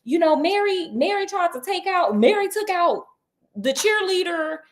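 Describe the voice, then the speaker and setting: A woman voicing a panicked teenage girl, breathless and rushed. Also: extremely high pitch, lively intonation, pitched above the performer's own voice. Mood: frantic.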